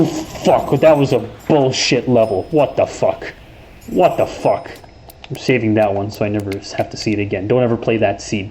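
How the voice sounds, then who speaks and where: A man's voice: mid-range voice, darkish tone, a little hiss or hum, poor audio. A young man from New York hosting a casual chat while playing a game, rambling, self-correcting and swearing freely. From New York, USA. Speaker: host. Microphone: desk microphone.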